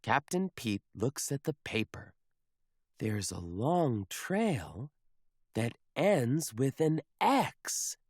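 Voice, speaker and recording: A man reading a children's picture book aloud in a slow, expressive storybook manner. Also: mid-range voice, dry recording, studio quality.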